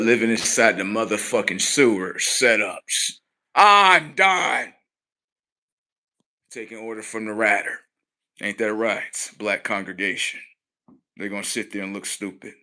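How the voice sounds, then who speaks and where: A man hosting a livestream, swearing heavily in a mocking rant that swings between loud high outbursts and low muttering. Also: measured pace, long pauses. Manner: heavy swearing, mocking, talks at the audience. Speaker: livestream host.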